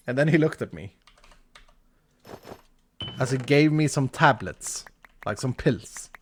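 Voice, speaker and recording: A man's voice: mid-range voice, takes it slowly, pauses often, a little hiss or hum. A man in his thirties from Sweden, speaking English as he animatedly tells a story while gaming on a live stream. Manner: animated, with restarts and laughter.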